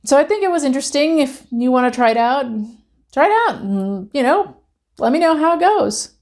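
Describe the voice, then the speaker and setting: A woman's voice: high voice, lively intonation, normal speed, darkish tone. A woman reviewing a reality TV episode in a casual, chatty way. She grows emphatic and heated as she rants.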